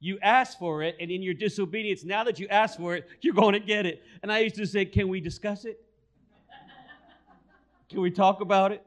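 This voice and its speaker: A man's voice: high voice, normal speed. A man preaching a sermon, telling a story and repeating key phrases for emphasis. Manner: storytelling, acts out quoted voices.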